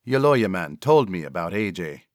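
A man's voice: low-pitched, very animated, moderate pace, dry recording, clean studio sound. A man voicing an earnest, worried young woman. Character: worried young woman cousin, a caring mother.

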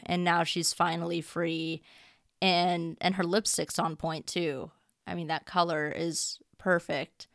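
Smooth-voiced woman, heartfelt podcast chat. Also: on the low side, a bit bright, no room sound, studio quality. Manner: gushing, heartfelt, swears casually. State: tearful. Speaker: podcast host. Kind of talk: emotional casual monologue.

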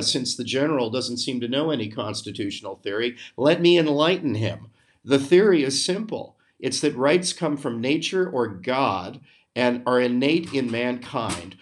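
An American man holds forth in a solo podcast monologue at an ordinary, mid-range pitch. He is emphatic and indignant, leaning hard on key words and slipping into sarcasm as he argues his point. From United States. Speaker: podcast host. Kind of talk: opinion monologue.

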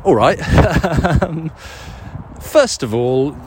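Out of breath while walking a dog in the woods, a man answers listener questions in a rambling, casual way, swearing and poking fun at himself. His voice is on the high side and animated, he speaks very slowly, and there's background noise.

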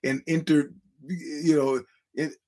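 Rambling, animated male podcast host. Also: on the high side, takes it slowly. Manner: rambling, animated, acts out quoted voices. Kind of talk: casual storytelling monologue.

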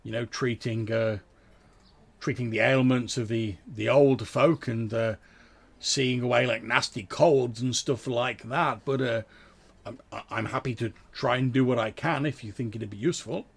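A man's voice: mid-range voice, steady tone, unhurried, vocal fry, husky. A man voicing a friendly, chubby village vicar who talks in a kindly, flustered, eager way.

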